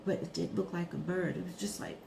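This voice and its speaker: A woman's voice: fairly low pitch, fairly quick, creaky, noisy background. Chatty Brooklyn woman in an echoey room. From Brooklyn, New York. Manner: chatty, reminiscing, rises to animated scolding. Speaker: craft vlogger. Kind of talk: casual monologue while crafting.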